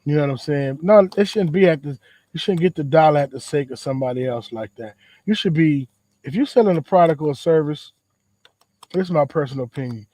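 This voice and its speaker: A man with a somewhat high voice talks through a faith message like a loose conversation. He leans on slang and repeats phrases for emphasis. The sound is dry and close, with little room echo. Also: darkish tone. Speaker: podcast host. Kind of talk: casual faith talk. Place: outdoors in a backyard.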